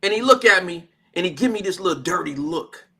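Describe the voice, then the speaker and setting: An American man from Cincinnati hosting a radio drive-time show, telling a story in an animated, slangy way. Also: sits high, fairly quick, husky. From Cincinnati, Ohio, USA. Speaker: radio host. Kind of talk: casual on-air storytelling. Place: radio studio.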